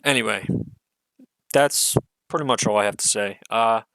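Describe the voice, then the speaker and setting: A man's voice: lowish voice, normal speed, fairly bright tone, dry recording, rough recording. A man giving an unscripted solo rant as an online commentator, profane, exasperated and sarcastic, swearing often amid fillers.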